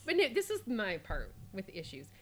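A woman podcast host reading a fairy tale aloud, breaking off for lively, laughing asides. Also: medium pitch, moderate pace.

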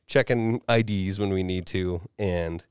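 A man's voice: low-pitched, a little slow, smooth, no echo, clean studio sound. A man hosting a podcast, telling a story in casual chat with lots of swearing and acted-out quotes. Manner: profane, animated retelling with acted quotes. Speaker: podcast host.

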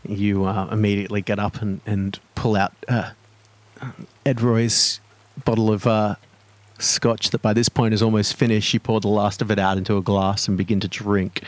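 A man narrating as game master of a tabletop horror game, measured and hesitant, with fillers. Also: fairly low pitch, flat delivery.

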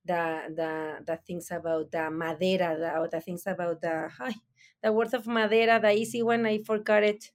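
A woman with a Mexican accent, a native Spanish speaker, explaining her production in halting English with many restarts as she searches for words. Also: fairly low pitch, fairly even intonation. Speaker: mezcal producer. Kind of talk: interview answers.

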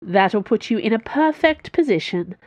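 A woman's voice: fairly high pitch, lively intonation, normal speed, darkish tone, dry recording, pitched above the performer's own voice, natural voice. A woman voicing a sarcastic, mocking female rogue giving orders in an audiobook. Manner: sarcastic, commanding.

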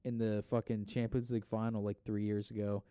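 A man's voice: lowish voice, flat delivery, fairly quick, dark tone, clean tone, no echo, studio quality. A young man in casual chat, rambling and swearing while watching a football match. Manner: rambling, swears a lot, bursts into mock voices.

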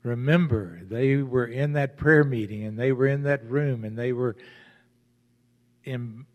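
A man's voice: mid-range voice, unhurried, big-room sound. A man preaching a sermon as pastor, stressing his points by repeating key phrases.

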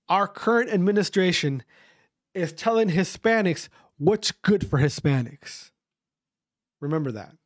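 Man, podcast host, blunt profane ranting, repeats himself, lively intonation. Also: high-pitched, no echo, clean studio sound. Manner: emphatic, repetitive, profane, restarts often. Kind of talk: solo podcast rant.

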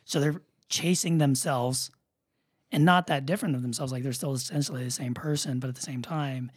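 A man's voice: mid-range voice, fairly even intonation, a little fast, husky. A man co-hosting a podcast, chatting casually and thinking aloud with restarts. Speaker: podcast co-host. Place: room recording a podcast.

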